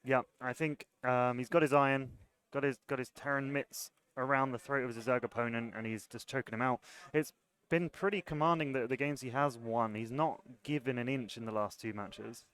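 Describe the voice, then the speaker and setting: A man's voice: medium pitch, fairly even intonation, moderate pace, fairly bright tone, smooth. A man with a British accent casting a live strategy game match, chatty and joking with his co-caster. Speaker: esports caster.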